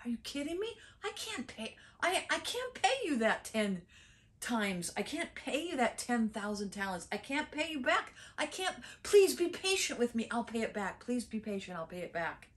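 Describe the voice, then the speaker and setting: A woman's voice: medium pitch, expressive, normal speed, hardly any pauses, natural voice. A woman voicing a desperate male servant who begs for more time to pay a huge debt. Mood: pleading. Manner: begging, stammering.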